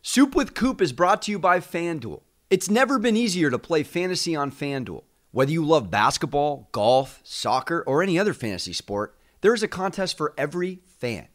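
Lively upbeat male ad announcer. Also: a little high, normal speed, few pauses. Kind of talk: scripted ad read.

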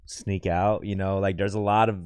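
A man's voice: deep voice, little pitch movement, moderate pace, darkish tone, smooth, no echo, clean studio sound. A man co-hosting a podcast, taking call-ins in a laid-back, slangy way with a slight Southern twang. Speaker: podcast co-host.

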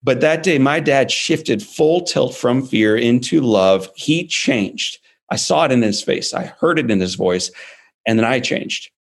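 A man in his forties telling his life story as an interview guest, emphatic and animated. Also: mid-range voice, a little slow, creaky. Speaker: guest speaker.

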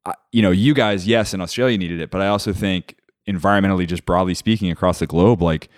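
A male host with a very low, deep voice talks with warm enthusiasm and a reassuring manner. His voice sounds dry and close, with no room echo. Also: quick pace. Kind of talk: conversational interview.

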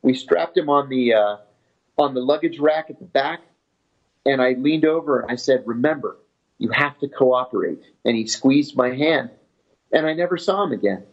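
A man telling his story in an interview in a steady, matter-of-fact way. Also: mid-range voice, normal speed. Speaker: former intelligence officer telling his story. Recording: dull lo-fi audio.

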